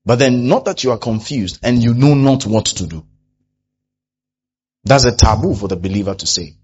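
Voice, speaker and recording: Lively preaching man, lo-fi with hum. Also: medium pitch, moderate pace. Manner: animated preaching, acting out quoted complainers. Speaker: pastor. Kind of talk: sermon.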